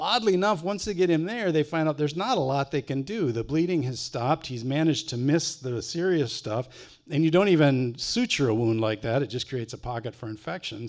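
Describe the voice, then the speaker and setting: Guy telling farm stories to a crowd, dry folksy humor, average pitch, goes quiet for the sad parts. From Wisconsin. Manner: folksy, dry humor, drops low and quiet on tender moments. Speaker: author giving a talk. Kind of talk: live storytelling to an audience. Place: library fine arts center before an audience.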